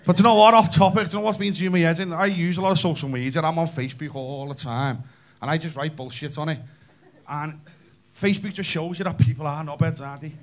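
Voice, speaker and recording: A man in his thirties with a Scouse accent doing brash, sweary stand-up comedy on a club stage, telling stories fast. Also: fairly high pitch, fairly even intonation. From Liverpool, England.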